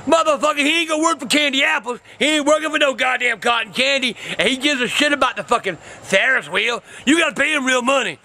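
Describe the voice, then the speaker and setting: Cast a man as a furious old grandpa in his sixties, high and gravelly, swearing nonstop through faint background hiss. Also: fast, hardly any pauses, exaggerated voice. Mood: mocking. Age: over 60. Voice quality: gravelly, high-pitched, shouty. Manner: cursing constantly, yelling insults. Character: foul-mouthed angry old grandpa, hot-tempered. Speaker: comedy web series character. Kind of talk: profane ranting comedy.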